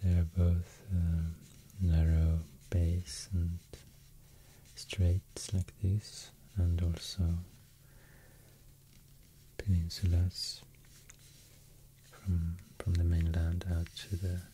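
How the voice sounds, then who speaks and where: Soft-spoken ASMR man, Swedish accent, deep and very mellow, slow hesitant whisper. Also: monotone, a little hiss or hum. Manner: soft, mostly whispered, hesitant with many fillers. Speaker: ASMR host.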